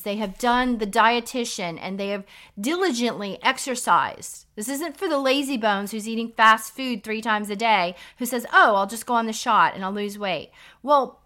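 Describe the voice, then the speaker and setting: A woman's voice: fairly high pitch, bright, forceful tone. A middle-aged woman, a nurse practitioner co-hosting a podcast, giving frank, emphatic health advice in a casual lecturing way.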